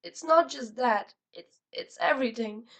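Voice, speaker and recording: A woman's voice: a little high, expressive, unhurried, far from the mic, exaggerated voice. A woman voicing an emotional, reckless teenage girl who teases and breaks down sobbing, in an audiobook. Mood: distraught. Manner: teasing, then sobbing and shouting.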